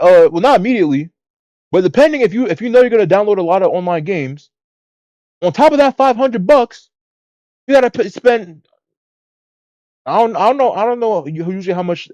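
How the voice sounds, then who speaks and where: A man with a high, lively voice complaining bluntly and swearing through casual video commentary. The sound is dry and close, with no room echo.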